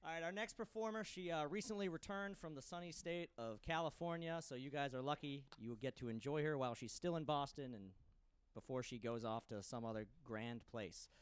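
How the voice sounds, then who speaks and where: A man's voice: on the high side, a little fast, clean tone, dry recording. A man hosting a comedy showcase, giving upbeat emcee patter as he introduces the next comedian on stage. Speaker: comedy show host. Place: comedy stage before a live audience.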